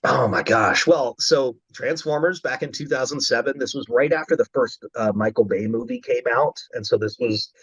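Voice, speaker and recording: A man guest telling stories in a casual interview, excitable and animated. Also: mid-range voice, moderate pace, hardly any pauses, slightly rough, no room sound, poor audio. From Maryland, USA. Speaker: voice actor guest.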